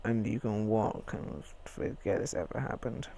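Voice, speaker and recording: A man voicing a menacing male assassin interrogating a victim, speaking low and quietly threatening. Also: a little slow, vocal fry.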